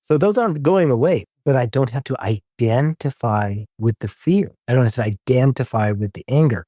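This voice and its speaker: An earnest man who affirms and repeats his key phrases, with the odd curse word, at a mid pitch. He speaks in a relaxed spiritual talk on recovery. The sound is close and dry, with no room echo. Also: normal speed. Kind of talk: casual spiritual recovery conversation.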